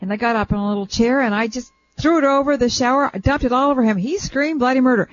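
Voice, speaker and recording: An older woman hosting a radio show, telling a family story in a chatty, animated way. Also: on the high side, quick pace, a little hiss or hum. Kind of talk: casual radio chat, storytelling. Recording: dull lo-fi radio sound.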